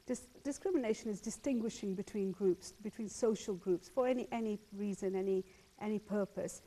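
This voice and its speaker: Woman, talk-show host, earnest, halting, mellow, mid pitch. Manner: earnest, repeats words as she builds points.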